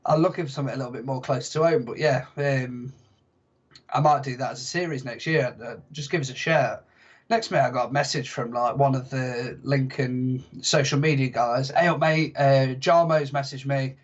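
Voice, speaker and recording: A man's voice: medium pitch, fairly even intonation, normal speed, breathy edge. Young guy rambling through funny stories on a podcast, medium voice, kinda muffled audio. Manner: chatty storyteller, jokey and self-mocking. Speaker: podcast guest. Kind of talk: casual podcast chat.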